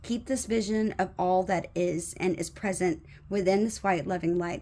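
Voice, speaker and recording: A woman doing a tarot reading, reading the card's guidance aloud in a slow, measured way with soft fillers now and then. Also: on the low side, fairly even intonation, slight background noise. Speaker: tarot reader.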